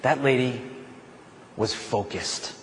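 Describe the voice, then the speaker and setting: A man giving a motivational speech and telling a story in an animated way. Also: mid-range voice, slow pace. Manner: animated, drops to hushed emphasis at points. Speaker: motivational speaker. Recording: echoey hall with faint ambient noise.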